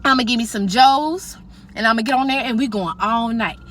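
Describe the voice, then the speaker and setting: A woman's voice: fairly high pitch, normal speed, a bit bright, a little hiss or hum, lightly acted. A woman voicing a crude, boastful older female cellmate with no teeth, drawling and unfiltered. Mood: bragging.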